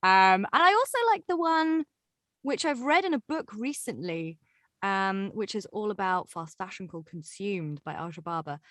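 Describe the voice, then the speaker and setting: A woman's voice: medium pitch, no room sound, studio quality. A bubbly, chatty woman with an English accent from England, a guest on a podcast talking casually. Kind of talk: casual interview chat. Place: home in East London.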